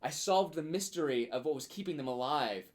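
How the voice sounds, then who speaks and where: A man's voice: on the high side, animated, brisk. A man playing a board game and telling an earnest, mock-heroic in-character story with casual fillers.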